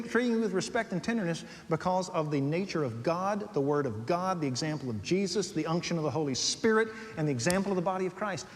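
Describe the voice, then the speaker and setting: A man preaching a sermon, animated, swinging between soft and loud as he tells stories. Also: sits high. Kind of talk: sermon on dating and marriage. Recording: long hall reverb.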